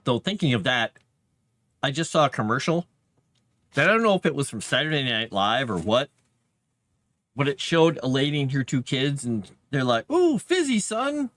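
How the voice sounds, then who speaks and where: A man's voice: medium pitch, expressive, normal speed, pauses often, a bit bright. A man streaming live as he writes fantasy lore, chatting casually and rambling, and reading his drafts aloud under his breath.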